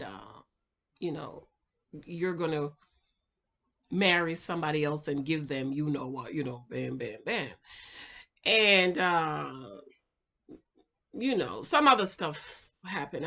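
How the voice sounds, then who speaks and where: A woman's voice: on the low side, bright, forceful tone, highs cut off. A woman in her thirties with a Jamaican accent, chatting to viewers as a relationship advice vlogger and calling them ladies and girl. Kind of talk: casual storytelling to viewers.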